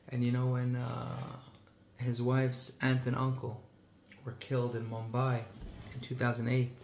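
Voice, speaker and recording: A man's voice: medium pitch, a little mellow. Man, storytelling rabbi, emphatic delivery, Hebrew and Yiddish phrases, roomy echo. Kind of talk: heartfelt storytelling talk. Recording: echoey room with faint ambient noise.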